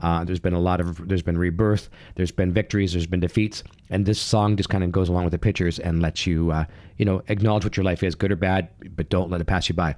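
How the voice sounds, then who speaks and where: On his channel, this host rattles off an enthusiastic TV recap at a quick pace, rambling with plenty of fillers and restarts. His voice sits low with a darkish tone and fairly even intonation, and the recording is dry.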